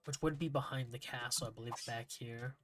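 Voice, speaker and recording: A man's voice: mid-range voice, fairly even intonation, brisk, fairly bright tone, soft background music. A young man streaming a game, chatting casually, rambling and swearing often as he gets frustrated. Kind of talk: casual gaming livestream chat.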